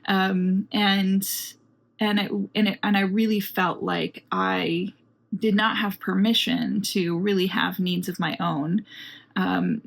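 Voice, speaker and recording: A woman talking earnestly in a casual reflective vlog at home, unhurried and searching for her words. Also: medium pitch, steady tone, vocal fry. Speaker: vlogger. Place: home apartment.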